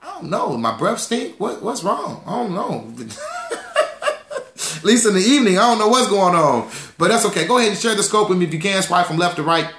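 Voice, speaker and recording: A man's voice: high voice, fast talker, a bit bright, echoey room. A man coaching viewers on money in a live stream, repeating key phrases and calling for responses like a preacher. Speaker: financial coach. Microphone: phone livestream.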